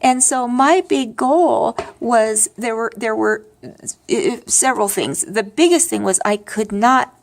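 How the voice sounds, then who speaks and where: Speaking slowly, with vocal fry in a voice on the high side, this vlogger shares her grief story in an upfront, weary, rambling way. The middle-aged woman keeps restarting and tosses in wry humor throughout her personal monologue.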